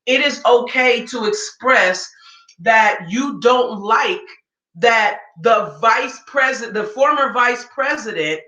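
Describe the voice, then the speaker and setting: A political commentator delivers an emphatic, informal reaction rant, firing off one rhetorical question after another. Her voice sits on the high side with a sharp edge, and the room gives the recording a noticeable echo.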